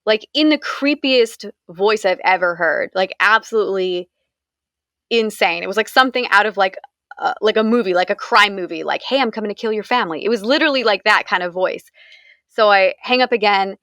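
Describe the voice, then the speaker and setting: Young woman, from the US, interview storytelling, candid, conversational, mid pitch, dry close sound. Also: moderate pace, fairly bright tone, dry recording. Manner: candid, conversational, frequent "like" fillers. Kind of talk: recounting a personal story in an interview.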